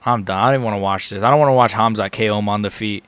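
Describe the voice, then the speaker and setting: A young man streaming a live fight reaction, excitable, swearing and repeating himself as he swings from groaning despair to shouting. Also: on the low side, rapid-fire, clear, resonant tone, dry recording.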